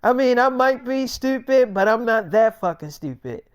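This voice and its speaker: A man's voice: extremely high pitch, lively intonation, normal speed, smooth, dry recording. Guy rambling through a crude funny story, casual, dry sound. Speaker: comedian. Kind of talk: freestyle comic storytelling.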